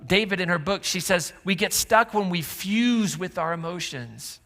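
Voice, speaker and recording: A man's voice: sits high, expressive, normal speed, pushed and bright. A man preaching a sermon, conversational and joking with the congregation. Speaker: pastor. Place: church auditorium. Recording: church hall reverb with faint music.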